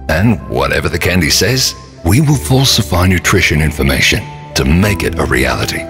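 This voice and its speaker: A man delivering a deadpan spoof corporate announcement in an earnest, announcing tone. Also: deep voice, normal speed, over music. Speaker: company spokesman in a parody ad.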